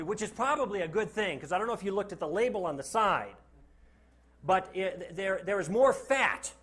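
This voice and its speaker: A man's voice: sits high, fairly bright tone. A man giving a classroom lecture to a live audience, joking and putting rhetorical questions to the class.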